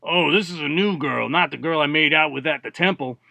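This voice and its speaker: A man's voice: on the high side, fairly quick, vocal fry, bright, forceful tone, no room sound, full character voice. A man voicing a crude, boastful bearded sailor who talks casually.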